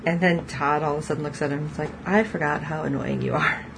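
A woman's voice: low voice, fairly even intonation, fast talker, creaky, background noise. A woman co-hosting a casual podcast, recapping a TV episode in a chatty way and laughing often as she quotes the characters. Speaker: podcast co-host.

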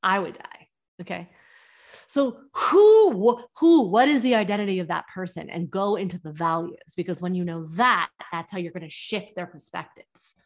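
A young adult woman hosting a podcast, coaching business owners in an energetic way and firing off rhetorical questions. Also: fairly low pitch, moderate pace. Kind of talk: teaching podcast talk.

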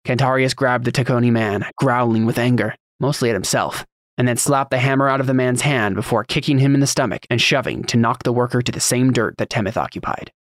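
A man narrating a fantasy audiobook in a steady, even storytelling read. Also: mid-range voice, fairly quick, no echo, studio quality.

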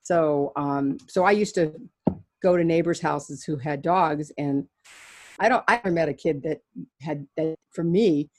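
An older woman, a veterinarian guest, telling stories from her life in an animated conversational way, often restarting her sentences and laughing. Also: low voice, measured pace, no echo. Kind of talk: conversational storytelling.

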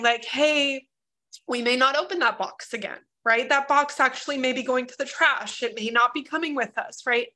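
Woman on a video call, kinda high bright voice, earnest and emotional, lots of likes and ums. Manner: earnest, emotional, rambling with many fillers. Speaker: workshop participant. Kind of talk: casual group discussion.

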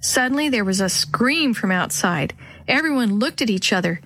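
A woman's voice: mid-range voice, expressive, moderate pace, a bit bright, no room sound. A woman reading a children's chapter book aloud, giving the characters light voices. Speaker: audiobook narrator.

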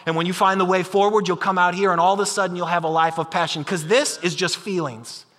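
Male preacher with a high, bright voice, lively and chatty delivery, long hall reverb. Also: quick pace. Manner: animated, conversational, acts out imagined voices. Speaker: pastor. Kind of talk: sermon.

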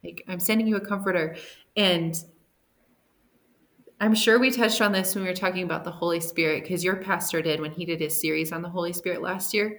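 Woman, mid pitch, soft-spoken, affirming murmurs, lively paraphrasing of scripture in a casual chat. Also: a little fast. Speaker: bible study co-host. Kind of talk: casual bible study discussion.

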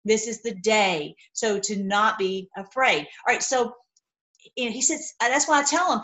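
A woman's voice: a little high, moderate pace, a bit bright, poor audio. A woman giving a casual, rambling Bible teaching, talking straight to her viewers and acting out the people she quotes.

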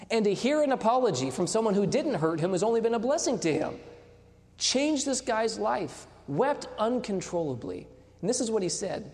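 A man's voice: high voice, a little mellow. A man in his thirties preaching a sermon, telling a story with quoted dialogue and putting questions to the congregation. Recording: long hall reverb.

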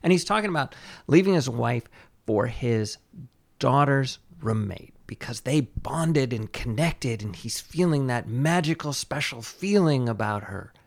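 A man's voice: medium pitch, animated, unhurried, gravelly. A man in casual conversation, chiming in with wry jokes and retelling things he has read. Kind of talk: casual chat.

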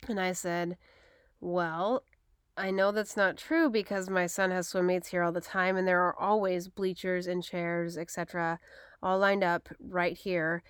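A woman's voice: fairly low pitch, fairly even intonation, a little slow, clean tone, dry recording, clean studio sound. A woman in her thirties, a mother, telling a personal story in a frank, upset way, acting out the dialogue as she retells it.

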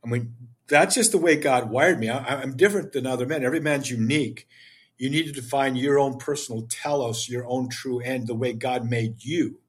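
Husky older man preaching emphatically. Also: mid-range voice, normal speed. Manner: emphatic, preachy, acts out dialogue. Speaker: podcast guest, author. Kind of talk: impassioned interview talk.

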